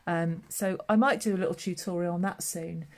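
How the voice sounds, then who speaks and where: A woman's voice: fairly low pitch, steady tone, brisk, darkish tone. A middle-aged woman hosting a papercraft live stream, chatting casually and answering viewers by name.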